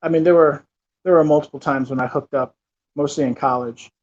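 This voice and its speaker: A man in his thirties rambles through a personal story, full of fillers and false starts. His voice sits a little high. The recording is dull and lo-fi. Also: steady tone, brisk, darkish tone. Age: 30s. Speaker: channel host. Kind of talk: casual storytelling.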